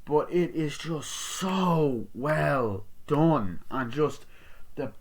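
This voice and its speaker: A man reviewing a movie in a casual vlog, rambling excitedly and swearing a lot. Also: a little high, very slow. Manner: excited, profane, rambling with lots of fillers.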